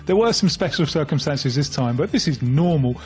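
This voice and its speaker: A man's voice: on the high side, animated, brisk, darkish tone. A man talking football as a pundit on a radio phone-in, chatty and laughing as he explains.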